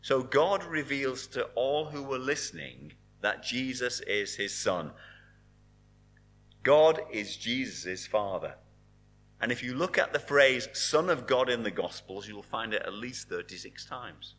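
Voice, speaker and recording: A man delivering a sermon in an earnest preaching manner, dropping his voice softly on key words. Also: medium pitch, expressive, a little slow.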